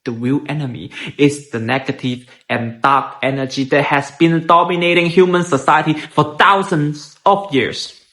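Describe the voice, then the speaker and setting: A man's voice: on the high side, fairly even intonation, moderate pace, fairly bright tone. A man giving an earnest, slightly preachy speech to his followers.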